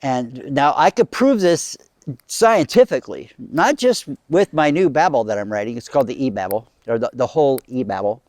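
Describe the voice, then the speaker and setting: A man's voice: mid-range voice, expressive, normal speed, a little mellow, no room sound, studio quality. A middle-aged man telling a comic story to a small live audience in a casual, chatty way. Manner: casual, chatty, acting out voices in quotes. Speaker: comedic storyteller.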